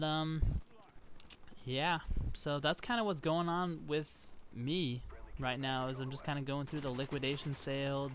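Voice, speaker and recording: A man's voice: medium pitch, fairly bright tone, a little hiss or hum. A young man ranting casually while he plays a game, chatty and exasperated, trash-talking now and then. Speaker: gaming vlogger. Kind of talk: casual rant over gameplay.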